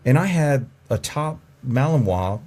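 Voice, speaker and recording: A man's voice: mid-range voice, animated, unhurried, dark tone, husky. A man who trains police dogs, a podcast guest telling frank stories with stammering restarts and some swearing. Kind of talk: casual podcast conversation.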